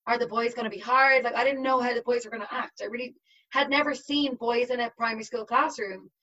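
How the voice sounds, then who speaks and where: A woman's voice: a little high, fairly even intonation, fast, pushed and bright. Chatty young woman, slightly muffled sound. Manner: chatty, uses many fillers. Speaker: guest. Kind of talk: casual conversation.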